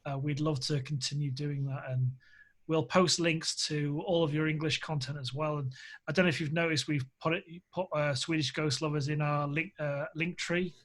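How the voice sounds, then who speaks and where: A man with a slightly high voice hosts a relaxed interview. He rambles along, restarting sentences and filling gaps with ums as he goes. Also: normal speed. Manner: rambling, full of restarts and fillers. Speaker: festival interviewer. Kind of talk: casual video call interview.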